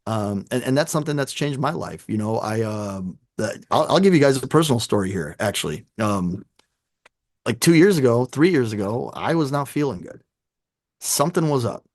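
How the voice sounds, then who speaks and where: A man chatting as a podcast guest, telling animated stories and acting out both sides of conversations. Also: mid-range voice, moderate pace, dry recording, studio quality. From Chicago. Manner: animated storyteller, acts out dialogue. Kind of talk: casual podcast chat. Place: home room with sneaker collection.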